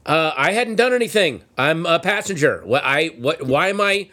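A man telling a comic story in casual chat, acting out the shouted lines of the people in it. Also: on the high side, lively intonation, moderate pace. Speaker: storyteller guest.

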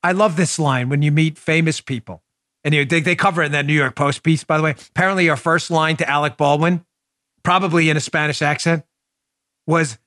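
A man hosting a political talk show, telling stories and arguing emphatically in an animated way. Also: on the high side, fairly quick, no echo, studio quality. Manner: emphatic, animated storytelling with laughs. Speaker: podcast host.

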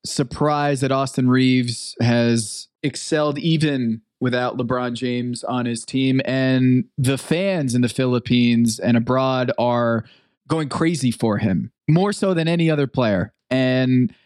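A man's voice: medium pitch, slow pace, darkish tone, no room sound, studio quality. A man co-hosting a casual sports talk show, enthusiastic as he talks up players.

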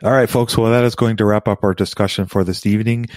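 Man, podcast host, very low voice, relaxed, friendly, dry recording. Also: fast, dry recording. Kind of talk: casual podcast sign-off.

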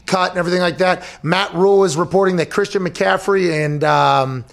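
A man hosting a sports podcast, talking fast in animated, joking banter. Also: high-pitched, gravelly. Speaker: podcast host. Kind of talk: casual sports talk.

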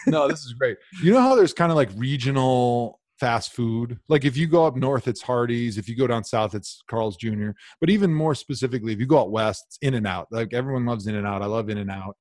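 A man from Wisconsin co-hosts a casual sports podcast. He tells his stories with animated, playful mock outrage. His voice sits close and dry on the mic, with no room sound. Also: medium pitch, brisk, hardly any pauses, dry recording. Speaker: podcast co-host.

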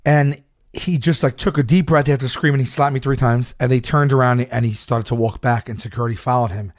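A man telling a story in casual chat, animated and laughing often, acting out shouted quotes. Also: medium pitch, a little fast.

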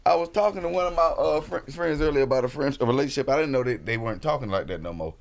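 A man in a casual group chat who rambles through his points with halting fillers and restarts. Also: mid-range voice, expressive, vocal fry.

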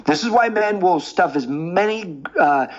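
A man being interviewed as a dating coach, explaining with lively stories and examples. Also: high-pitched, a little slow, dull audio. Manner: animated storyteller, explains with examples. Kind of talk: podcast interview.

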